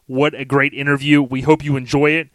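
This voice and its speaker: A man's voice: mid-range voice, little pitch movement, a little fast, no echo. A man in his forties hosting a podcast, talking in a laid-back, slangy way and laughing often. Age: 40s. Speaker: podcast host. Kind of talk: casual podcast chat.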